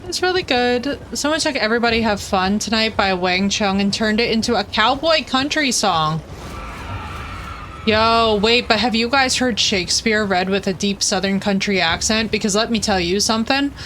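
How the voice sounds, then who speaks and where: An excitable young woman streamer chatting with her viewers, playful and quick to joke. Her voice sits at an ordinary middle pitch, with faint noise in the background. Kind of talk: casual live-stream chat.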